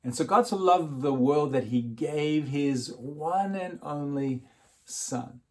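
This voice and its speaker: A man's voice: on the high side, slow. Chuckling man preaching an Easter sermon. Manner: chuckles often while preaching; repeats words as he starts phrases. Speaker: pastor.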